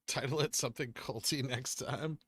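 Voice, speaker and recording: Speaking at a moderate pace in a medium-pitched, slightly bright and husky voice, this Southern Californian reads viewers' chat comments on a live stream and responds casually, with frequent "like"s. There's no room sound.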